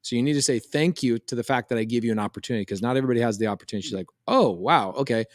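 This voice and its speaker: A man, telling a lively story on a podcast and acting out the voices. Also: medium pitch, very fast, dry recording, studio quality. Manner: animated, quotes voices in a story. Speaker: podcast co-host. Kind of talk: casual storytelling chat.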